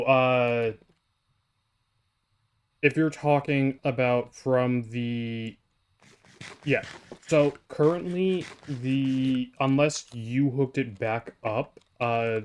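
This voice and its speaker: A man's voice: mid-range voice, fairly even intonation, slow, clear, resonant tone. Casual male gameplay streamer. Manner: rambling, talks to chat while playing. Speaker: livestreamer. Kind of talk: casual live gameplay chat.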